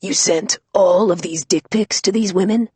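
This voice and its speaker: Woman doing a bold young woman faking a gruff rasp. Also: medium pitch, moderate pace, dark tone, dry recording. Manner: rasping, put-on gruff. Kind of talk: audiobook character voice.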